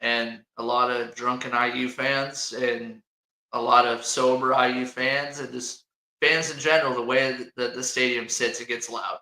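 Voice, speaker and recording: A man with an Indiana accent hosts a loose sports talk show, rambling and joking between points. His voice is bright and forward. The room around him rings with echo. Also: mid-range voice, level tone, moderate pace. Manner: rambling, jokey, laughs often. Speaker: podcast host. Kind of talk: casual sports chat.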